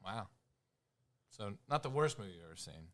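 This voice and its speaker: A man with a somewhat low voice chats casually on a podcast. He reacts with a dry, laid-back air and explains things hesitantly, with many "you know"s. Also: sing-song, moderate pace, fairly bright tone. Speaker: podcast co-host.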